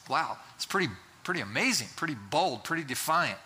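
A man's voice: a little high, sing-song, fairly quick, pushed and bright, husky. A man preaching a sermon in a conversational way, with fillers and restarts. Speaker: pastor.

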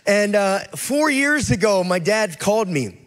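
A man's voice: high voice, unhurried. A man in his thirties giving a sermon as a guest preacher, telling stories casually and acting out the people he quotes. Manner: casual storytelling, quotes people in lively voices. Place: church hall. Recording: long hall reverb.

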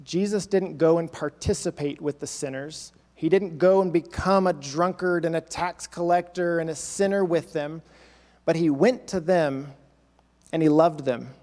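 Pastor preaching in an echoing hall. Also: male voice, a little high, unhurried, a little mellow. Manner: preaching with dramatic quoted voices and emphatic repetition. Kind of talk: sermon.

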